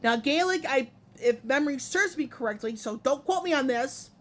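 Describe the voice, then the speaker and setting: A woman's voice: sits high, expressive, moderate pace. A woman hosting a casual gaming opinion vlog, talking in a rambling way and often stopping to correct herself. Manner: rambling, self-correcting, many fillers. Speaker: gaming video host.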